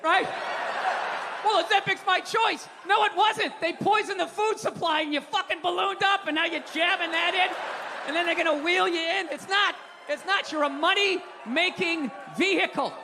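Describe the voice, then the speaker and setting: A man doing stand-up comedy before a live audience, ranting loudly and swearing, exasperated. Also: extremely high pitch, normal speed, vocal fry. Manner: loud, exasperated ranting with profanity. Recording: live show with crowd noise. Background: audience laughter and applause.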